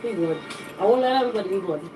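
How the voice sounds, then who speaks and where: A woman's voice: medium pitch, expressive, fairly quick. Woman chatting at home over dinner, voice kinda worn out, bit far from the mic, music playing behind. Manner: chatty, thanks viewers at length. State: voice still not fully recovered. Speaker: cooking channel co-host. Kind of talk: casual chat while eating.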